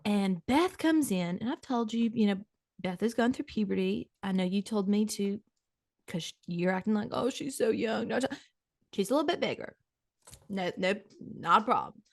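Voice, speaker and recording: A woman's voice: medium pitch, moderate pace, no echo, clean studio sound. A middle-aged woman hosting a comedy podcast, telling a dramatic, gossipy story to her co-host.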